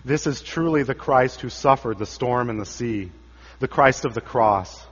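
A man preaching a dramatic sermon, his voice swelling for quoted cries and sinking low for the solemn moments. The sound is a bit dull and muffled, with a long reverb trailing off every phrase. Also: moderate pace, breathy edge. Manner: dramatic, rises for quoted cries and drops low for quiet lines.

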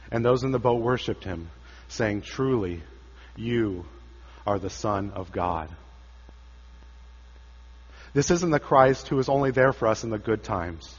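Male preacher, dramatic sermon in reverb. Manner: dramatic, rises for quoted cries and drops low for quiet lines. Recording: dull sound with long church reverb.

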